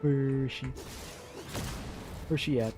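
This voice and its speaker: A young woman streamer giving chatty, excitable commentary while she plays a game. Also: very deep voice, takes it slowly, music in the background. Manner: chatty, excitable, laughs often. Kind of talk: gameplay commentary.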